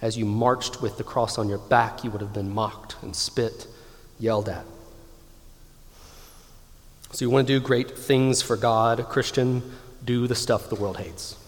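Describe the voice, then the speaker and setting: A man in his thirties preaching a sermon with emphatic delivery, slowing down to stress key lines. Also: medium pitch, steady tone. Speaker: pastor. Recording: long hall reverb.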